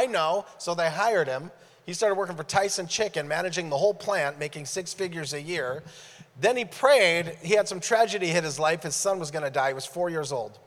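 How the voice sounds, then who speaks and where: Guest preacher, male, storyteller who acts out his dialogue, mid-high voice, big reverberant room. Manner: animated, acts out dialogue in stories. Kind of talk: sermon storytelling. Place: church sanctuary. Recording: long hall reverb.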